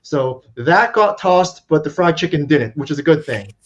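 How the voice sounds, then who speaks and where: A man's voice: fairly high pitch, lively intonation, normal speed, highs cut off. A man telling a travel anecdote in a casual chat, hesitant with many fillers. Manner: hesitant, lots of uhs and ums. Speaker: panelist. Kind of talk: casual storytelling.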